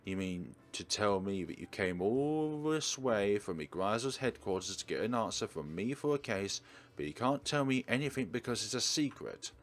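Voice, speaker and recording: Stern, teasing yakuza father, low and slow, very deep, voiced by a man reading aloud. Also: lively intonation, natural voice.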